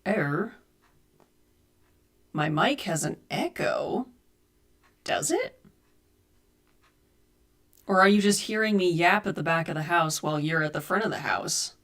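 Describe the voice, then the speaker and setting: Speaking into a desk USB microphone, a woman who streams cosplay chats with her audience from home, answering chat and sorting out audio trouble. She has a fairly low, slightly bright voice with lively intonation, taking her time and leaving long pauses.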